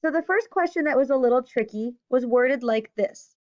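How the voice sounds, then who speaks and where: A woman teaching a recorded math lesson to fifth graders, patient, stressing key words and counting slowly. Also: high-pitched, darkish tone. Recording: slightly dull lo-fi audio.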